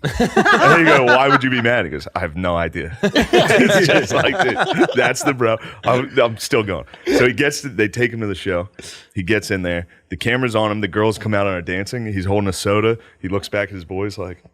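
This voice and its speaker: Man, podcast host, low voice, animated storyteller, dry close mic. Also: moderate pace, no room sound. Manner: animated storyteller, acts out quotes, laughs often. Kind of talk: casual chat, storytelling.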